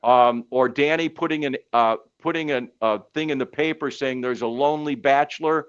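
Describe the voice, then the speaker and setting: A middle-aged sportscaster spins long, animated stories, leaning on fillers like "you know" and "uh." He has a mid-pitched male voice. The audio sounds dull and lo-fi, like podcast audio. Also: moderate pace, clean tone. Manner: animated storyteller with many fillers. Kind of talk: casual storytelling chat.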